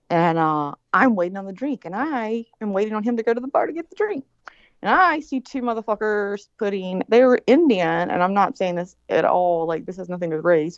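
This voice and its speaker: A woman in her forties rambles through a story with plenty of swearing and animated asides. Her co-host chat comes through a dull, lo-fi line with a dry, close sound. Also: lowish voice, no echo. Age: 40s. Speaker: show producer, co-host.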